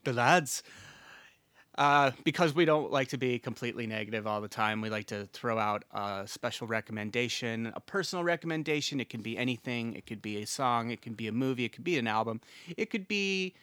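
A man's voice: medium pitch, animated, fast talker, a bit bright, clean tone, no room sound. A man co-hosting a casual podcast, rambling and laughing often, with an easy, profane way of talking. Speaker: podcast co-host.

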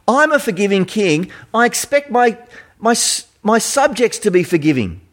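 A man's voice: high voice, very animated, normal speed, a bit bright, pitched above the performer's own voice. A man with an Australian accent voicing a stern but forgiving male king who rebukes a servant in an emphatic, reproachful voice.

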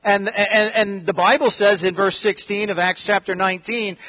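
A man preaching a sermon in an auditorium, swinging between loud emphatic peaks and quiet asides. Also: high voice, steady tone, moderate pace, hardly any pauses, highs cut off. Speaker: pastor.

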